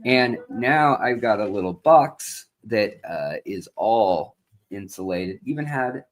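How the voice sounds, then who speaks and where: Male live-stream host: low, unhurried, rambling, jokey, lots of fillers. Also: expressive. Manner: rambling and joking, with many fillers. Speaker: host of an aquarium livestream. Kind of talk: casual live-stream chat. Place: indoor home studio.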